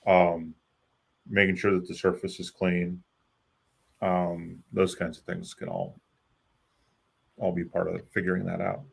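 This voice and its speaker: Deep gravelly guy co-hosting a call-in show, explains stuff slow with lots of ums. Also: little pitch movement. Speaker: co-host.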